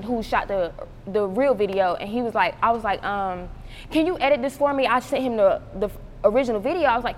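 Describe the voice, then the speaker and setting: Animated young woman telling stories. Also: fairly high pitch. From North Carolina. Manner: animated storytelling, acts out quotes, laughs a lot. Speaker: rapper, interview guest. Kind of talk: casual interview chat. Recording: roomy hall with faint noise.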